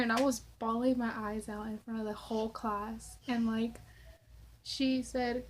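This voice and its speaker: A woman's voice: on the high side, level tone, moderate pace, a little hiss or hum. A young woman vlogger answering Q&A questions and rambling through a story, filling her talk with "like" and swearing casually. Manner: chatty, rambling, lots of "like".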